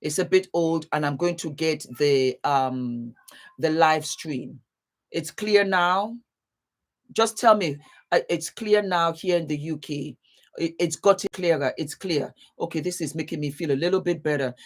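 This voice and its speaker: A woman hosting a casual live stream, greeting viewers warmly by place and laughing often as she chats. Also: deep voice, measured pace. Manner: warm, chatty, calls viewers baby and beautiful. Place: home, seated.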